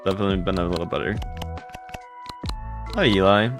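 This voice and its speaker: A young man streaming live, greeting his chat and thanking viewers for gifts, with his voice jumping high when he gets excited. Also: brisk. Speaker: livestreamer. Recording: music playing behind.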